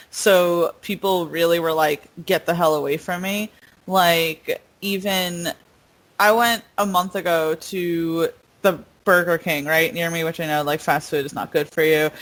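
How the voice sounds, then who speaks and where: A woman's voice: lowish voice, fairly bright tone, low-quality recording. A woman hosting a podcast in casual chat. She talks chattily, laughs often and leans on filler words. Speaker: podcast host.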